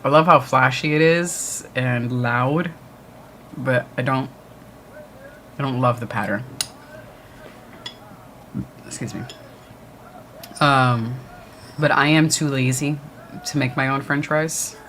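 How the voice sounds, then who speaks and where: Speaking slowly with frequent pauses, this livestream co-host has a medium-pitched voice that sounds pushed and bright. He chats casually during a watch party and answers viewer comments, with a slight hiss or hum audible.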